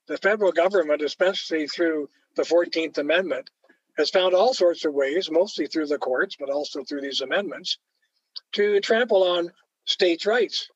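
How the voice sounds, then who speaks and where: Canadian male author guest, emphatic storyteller, fairly high voice, dry muffled audio. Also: moderate pace, slightly rough, no room sound. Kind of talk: opinionated conversation. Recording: dull lo-fi dry recording.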